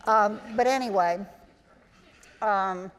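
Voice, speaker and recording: Her voice is medium-pitched, slow, fairly bright and clean: a woman in her sixties, formerly a child actor, sharing chatty stories at a live on-stage interview and voicing the people she quotes. The setting is a large auditorium at a live event, with long hall reverb.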